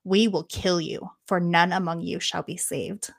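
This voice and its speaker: Woman as young hero twins, solemn, vengeful, slow declaration, myth retelling. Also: on the low side, steady tone, vocal fry.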